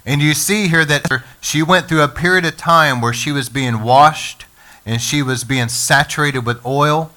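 Guy preaching a sermon, bright kinda high voice, gets the crowd to say stuff back. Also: measured pace. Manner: energetic preaching, calls for congregation responses. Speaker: pastor.

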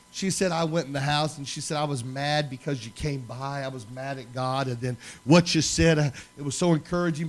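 A man preaching a sermon, telling personal stories in an animated way that swings from loud to hushed. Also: medium pitch. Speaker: pastor.

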